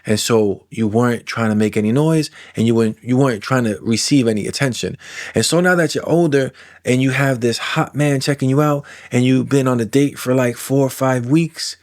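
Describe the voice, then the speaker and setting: Man, 40s, self-help coach, casual monologue, animated, mid pitch, acts out inner voices. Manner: animated, acts out inner voices and imagined replies, drawn-out emphasis. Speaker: coach working with trauma clients.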